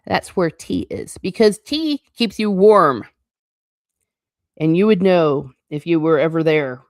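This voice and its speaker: A woman reads a classic novel aloud, her voice pitched a little low. She stops often for quick, chatty, playful remarks. The sound is dry and close, with no room echo. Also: lively intonation. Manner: chatty asides between passages, quick and playful. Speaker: book reading channel host. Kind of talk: reading a novel aloud with casual commentary.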